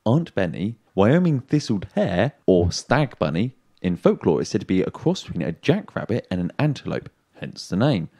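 A man co-hosting a casual podcast, reading listener comments aloud with a few hesitant restarts. His low, mellow voice swings up and down a lot. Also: sing-song, moderate pace, creaky, hardly any pauses. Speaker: podcast co-host.

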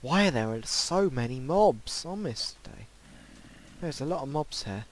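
A man commentating his own game play, breaking into excitable, panicky outbursts and repeated pleading. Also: mid-range voice, measured pace. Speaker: gaming channel host. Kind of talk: Minecraft let's play commentary.

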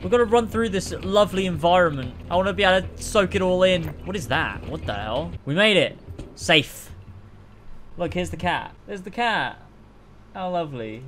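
A young man streaming a game, reacting excitedly, swearing and laughing often, and reading the game's dialogue aloud. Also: sits high, moderate pace, a little hiss or hum. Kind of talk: gameplay reaction commentary.

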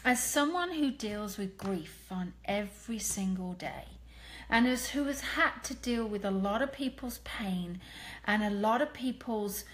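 An English woman giving an earnest, emphatic live talk to fans, blunt and candid, with some mild swearing. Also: mid-range voice. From England. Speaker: medium and clairvoyant. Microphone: phone or webcam.

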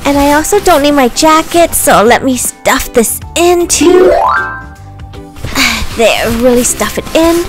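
A woman with a high voice narrates and plays the dolls in a toy storytelling video. She speaks in a lively, sing-song manner, with faint music under her voice. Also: slow. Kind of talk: doll play storytelling.

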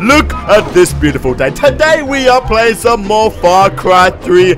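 A man giving jokey gameplay commentary as a video host, jumping from quiet asides to loud shouts and sing-song bits. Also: sits high, expressive, a little slow, over music.

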